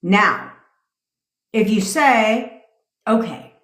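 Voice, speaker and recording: A woman's voice: lowish voice, lively intonation, normal speed, roomy sound. A woman hosting a casual live stream as a manifestation coach, ranting in a brash, profane way and laughing through her tangents.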